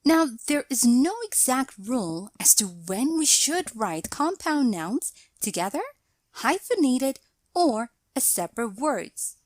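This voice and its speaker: Woman grammar teacher for a scripted lesson, slow and measured, bright-ish higher voice, dry close sound. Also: big pitch swings, no echo. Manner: measured, explanatory delivery reading out example sentences.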